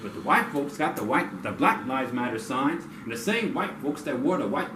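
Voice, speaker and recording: A man giving a blunt, profane community talk that swings into loud, angry outbursts. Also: mid-range voice, sing-song, normal speed. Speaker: community speaker. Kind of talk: impassioned street talk. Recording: echoey, distant mic with noise.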